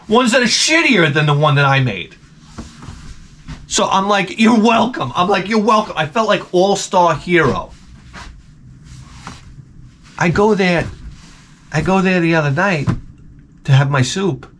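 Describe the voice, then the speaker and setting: A man's voice: high-pitched, a bit bright, slight background noise. A man vlogging with the flu, telling a comedic story in an exasperated, rambling, profane way. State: sick with the flu.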